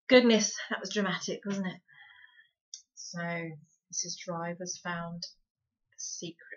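A woman reading a children's book aloud for a book club, with a lively, dramatic storyteller's delivery. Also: fairly low pitch, takes it slowly, pauses often. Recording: dull lo-fi recording.

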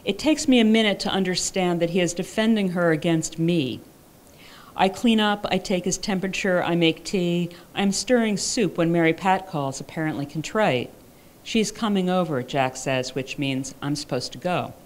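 A woman's voice: on the low side, normal speed. A woman author reading her own fiction aloud at a live writers' conference, in a dry, wry first-person voice.

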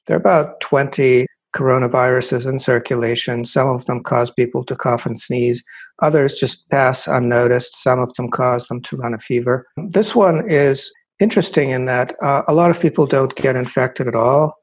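Husky-voiced guest, dry and deliberate. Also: male voice, mid-range voice. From Russia. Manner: deliberate, analytical, dry irony. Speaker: guest writer. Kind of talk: interview answers.

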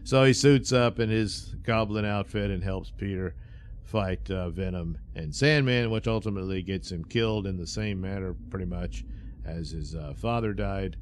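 A man with a lowish voice rambles through a casual movie review, stopping often with fillers and sarcastic little laughs. Faint room ambience sits behind him. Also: moderate pace, a little hiss or hum. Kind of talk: casual film review monologue.

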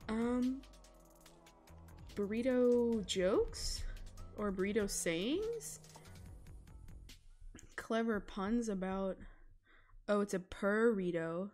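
A woman's voice: mid-range voice, drawn-out words, long pauses, darkish tone, faint music behind. A young woman chatting casually with her chat while she draws, giggling often and rambling about food. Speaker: illustrator streaming live drawing.

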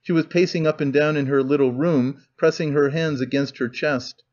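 A male audiobook reader delivers steady, measured scripted narration in a voice that sits slightly high. The recording sounds dull and lo-fi.

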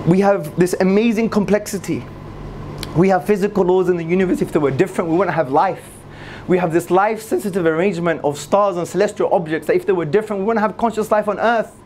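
A man giving an energetic religious lecture to a live audience, repeating key phrases for emphasis. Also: slight background noise. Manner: swings between loud high emphasis and low asides. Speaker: Islamic lecturer.

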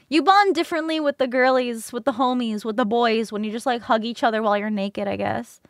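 A young woman streamer telling a story in a casual chat, animated and breaking into laughter. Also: fairly high pitch, no echo, clean studio sound.

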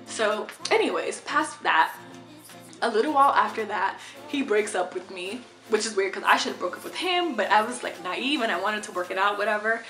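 A young woman in a casual storytime vlog, chatty and animated, swearing freely. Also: medium pitch, brisk, reverberant, faint music behind. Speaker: vlogger.

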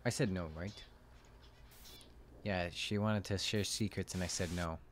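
A man casually talking through a horror game as a streamer, relaxed and chatty. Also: sits low, unhurried, a little hiss or hum. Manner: relaxed, chatty, with light laughs. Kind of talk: casual gaming commentary.

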